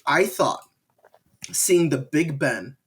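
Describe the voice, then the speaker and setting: Rambling young American guy, slightly high voice. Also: takes it slowly. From United States. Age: young adult. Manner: rambling, animated storytelling with slang. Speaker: podcast guest. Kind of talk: casual chat.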